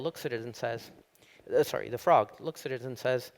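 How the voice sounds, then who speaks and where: A middle-aged man from Italy, giving a public university lecture as an animated storyteller. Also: a little fast. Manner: animated storyteller, rises high when telling jokes. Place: lecture hall.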